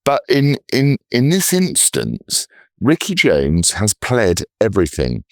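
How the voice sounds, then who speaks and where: A man on a podcast, indignant and animated as he talks in long, run-on stretches. His voice is fairly low and swings widely in pitch. The recording is dry and close. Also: slow pace, no room sound. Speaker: podcast co-host. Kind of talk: casual political chat.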